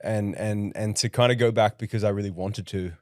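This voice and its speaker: A young man talking casually as a podcast guest, relaxed and often restarting his sentences. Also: on the low side, fairly quick, no echo, clean studio sound. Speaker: guest musician.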